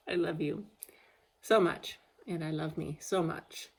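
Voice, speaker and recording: A woman's voice: low-pitched, fairly even intonation, unhurried, breathy edge. A woman talking candidly in a personal video diary, emotional and a little tearful, rambling as she goes. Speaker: video diarist. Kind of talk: casual personal vlog.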